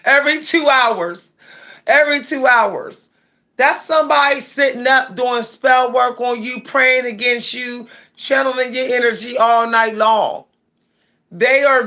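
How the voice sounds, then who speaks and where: A woman's voice: on the high side, fairly even intonation, slow pace, sharp tone. A woman with hosting a casual livestream, chatting and reading viewer comments aloud. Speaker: livestream host.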